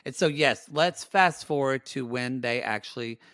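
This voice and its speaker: A man co-hosting a podcast, casually chatting and recapping a reality show with playful, animated asides. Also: normal speed. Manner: animated, playful, bursts into loud high mock cries. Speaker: podcast co-host.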